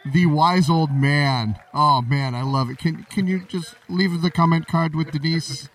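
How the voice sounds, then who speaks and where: A man's voice: on the high side, a little slow, a bit bright, far from the mic, low-quality recording. A man hosting a casual interview, talking with enthusiastic praise. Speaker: host.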